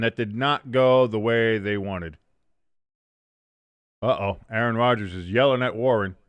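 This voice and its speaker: A man's voice: fairly low pitch, unhurried, long pauses, clear, resonant tone, dry recording, studio quality. A young man hosting a casual live watch-along of a football game, rambling, self-mocking and swearing freely as he calls plays.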